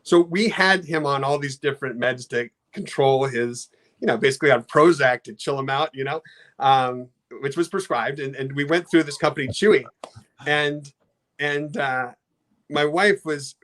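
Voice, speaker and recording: A middle-aged man talking casually on a podcast about customer service, halting often with restarts. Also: on the high side, a bit bright. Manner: halting, many restarts, storytelling with acted quotes. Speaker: card company customer experience head. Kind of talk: casual podcast talk with slides.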